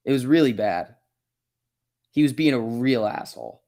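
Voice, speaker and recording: A man's voice: mid-range voice, lively intonation, moderate pace, warm tone. A man hosting a casual stock market livestream, chatting and laughing often as he reads chat and tells stories. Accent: New Jersey.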